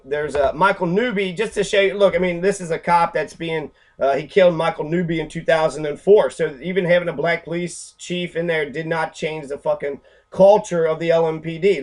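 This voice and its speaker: Heated profane man with a higher voice. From Louisville, Kentucky. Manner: heated, profane, rambling, with many fillers. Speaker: activist lecturer. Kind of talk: angry profane talk over pictures.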